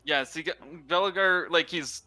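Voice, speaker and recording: A woman's voice: fairly low pitch, normal speed, pushed and bright. A woman playing in a tabletop game over a call, explaining things between giggles. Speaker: player. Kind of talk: casual chat over a voice call.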